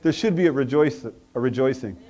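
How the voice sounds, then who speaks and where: A man preaching a sermon, calling out to the congregation and swinging between loud and soft. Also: mid-range voice, a little fast, dull audio. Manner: preaching with call-and-response, rising and dropping in volume. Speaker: pastor.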